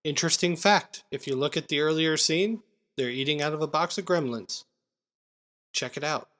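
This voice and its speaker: Chatting with his co-host about films, this man recaps scenes and performs quotes in a relaxed review conversation. He speaks at normal speed, with a fairly high, somewhat bright voice.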